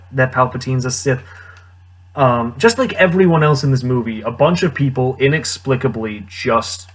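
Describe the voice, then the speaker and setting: Young man reviewing a film, husky, slightly breathy tone, loose and wry delivery with frequent chuckles. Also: mid-range voice. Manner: rambling, wry, chuckling often. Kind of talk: casual movie commentary.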